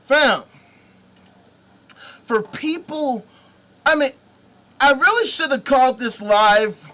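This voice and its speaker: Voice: high-pitched, expressive, slow, long pauses, fairly bright tone. A host delivering a profane comedic rant, sarcastic and mocking, swearing freely.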